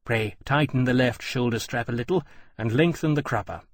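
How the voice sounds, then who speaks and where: Guy doing a polite calm big dragon, measured and formal, slightly husky. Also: mid-range voice, no echo, clean studio sound, close to an everyday voice. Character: courteous large male dragon, calm and dignified.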